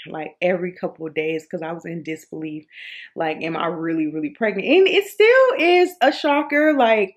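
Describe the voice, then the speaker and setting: A woman in her mid-thirties tells a personal story to her camera in a casual vlog. Her voice sits a little low, and she tells it in an animated, expressive way, often repeating herself and filling gaps with "um" and "like.". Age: 30s. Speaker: vlogger.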